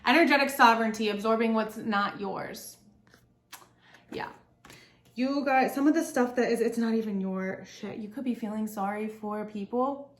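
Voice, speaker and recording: A woman with a slightly high voice and moderate pace does a casual pick-a-pile tarot reading, speaking directly to her viewers in a chatty, encouraging way. The room sounds echoey, with faint background noise.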